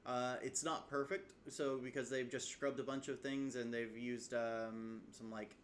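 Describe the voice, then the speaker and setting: In a casual screen-share tutorial recorded on a webcam setup, a language learner vlogger walks through his self-taught study routine. His mid-range voice is unhurried, with a little hiss or hum in the audio. He's relaxed and rambles a bit, using lots of "uh" fillers and sounding out tones aloud as examples.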